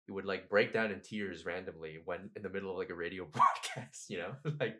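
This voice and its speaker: A man, a podcast guest who tells history as animated, slangy stories and laughs often. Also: low-pitched, fairly quick. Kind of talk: casual podcast conversation.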